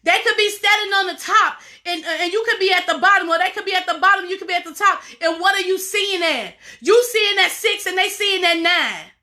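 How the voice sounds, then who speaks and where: Emphatic high-voiced woman life coach. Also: fairly quick, few pauses, sharp tone. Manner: preachy, repetitive, emphatic. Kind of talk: motivational talk to camera.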